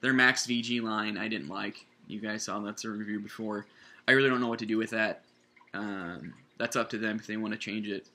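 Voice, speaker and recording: A man's voice: fairly low pitch, fairly even intonation, a little fast, bright, forceful tone. A man rambling casually through a product review, correcting himself often and circling back to his points. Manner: rambling, self-correcting, chatty. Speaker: vape juice reviewer.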